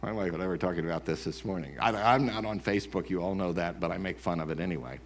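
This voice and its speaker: A male pastor preaching a sermon in church, animated and mimicking grumblers. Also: sits low, fast talker. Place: church sanctuary.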